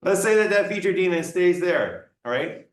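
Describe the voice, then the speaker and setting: A man with a high-pitched, animated voice teaches a class playfully at normal speed, acting out examples for his students. The roomy lecture room is picked up by a mic that's far off.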